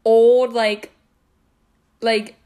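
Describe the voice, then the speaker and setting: Woman podcast co-host, playful and giggly; slightly high voice. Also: little pitch movement, very slow, mellow, clear, resonant tone. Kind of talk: casual podcast chat.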